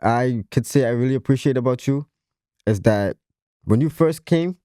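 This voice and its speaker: A man talks earnestly on a podcast, repeating his phrases to stress a point. His voice is warm and mellow, and the sound is close and dry. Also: medium pitch, expressive, moderate pace, no echo. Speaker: podcast co-host. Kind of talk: casual podcast chat.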